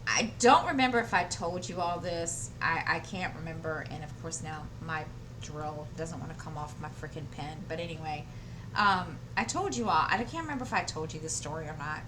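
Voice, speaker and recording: A woman's voice: low voice, animated, normal speed, background noise. A woman chatting casually to her channel while she crafts, rambling through a story with many fillers and restarts. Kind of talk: casual chat while diamond painting. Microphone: desk microphone.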